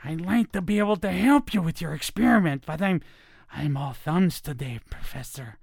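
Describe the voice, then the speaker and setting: A man's voice: on the high side, expressive, normal speed, gravelly, a little mellow, husky, no echo, studio quality, full character voice. A man voicing a timid, fawning hunched male lab assistant.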